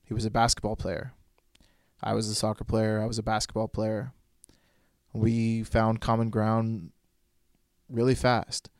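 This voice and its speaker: A man with a lowish voice recalls a close friend and former roommate. He tells the story in a steady, affectionate way, and the recording is dry and close. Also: no room sound. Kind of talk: heartfelt remembrance.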